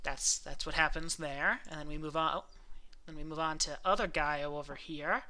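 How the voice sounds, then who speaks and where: Bright-voiced man explaining game rules. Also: a little high, fairly even intonation, normal speed. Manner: explains rules at length with many ums and uhs. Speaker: game master. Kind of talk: running a tabletop game over voice chat.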